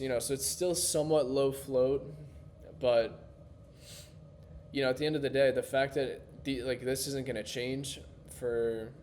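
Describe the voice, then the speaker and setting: A man hosting his own crypto video, talking loosely in a casual explainer monologue, often restarting his phrases, his voice a little hoarse. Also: medium pitch, a little mellow, slight background noise. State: slightly hoarse.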